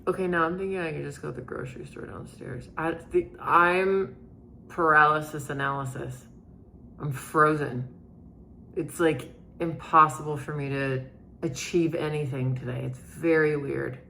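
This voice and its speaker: A woman's voice: sits low, steady tone, normal speed, gravelly, bright, forceful tone, slight background noise. A woman chatting casually in a day-in-my-life vlog from her home kitchen, rambling and swearing often as she moves around. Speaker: vlogger, identity coach.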